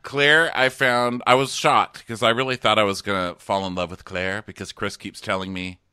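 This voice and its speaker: A man's voice: on the low side, fairly even intonation, normal speed, pushed and bright, clear, resonant tone, no room sound, studio quality. A man co-hosting a podcast, chatting sarcastically about a TV show and laughing often. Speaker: podcast co-host. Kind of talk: casual chat recapping a TV show.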